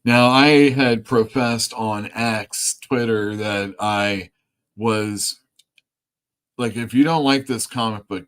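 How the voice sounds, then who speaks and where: A man's voice: fairly low pitch, fairly bright tone, clear, resonant tone. A man who owns a comic store, chatting loosely on a live stream, rambling and swearing casually. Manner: chatty and rambling, swears freely, quick laughs. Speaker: comic store owner and show host.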